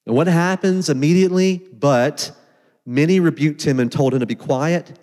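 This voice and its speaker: A man preaching a sermon in a casual, animated way, with quick asides and filler words. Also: fairly high pitch, long reverb tail. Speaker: pastor.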